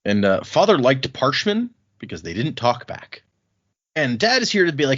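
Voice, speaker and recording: A man co-hosting a podcast, casually recapping book chapters and paraphrasing the characters' lines in an animated way. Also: mid-range voice, moderate pace, husky, lo-fi sound. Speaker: podcast co-host.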